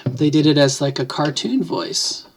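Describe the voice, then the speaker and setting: A woman's voice: deep voice, lively intonation, a little slow, breathy edge. Middle-aged woman rambling through an explanation. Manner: rambling, self-correcting, thinks aloud. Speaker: vlogger. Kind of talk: casual explanatory talk to camera. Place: home, near the kitchen.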